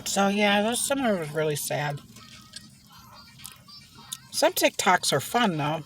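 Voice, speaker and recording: A woman's voice: mid-range voice, very animated, slow, music in the background. Chatty gossiping woman in a car. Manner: chatty gossipy storytelling, frequent laughs. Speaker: mukbang vlogger. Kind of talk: rambling casual chat while eating.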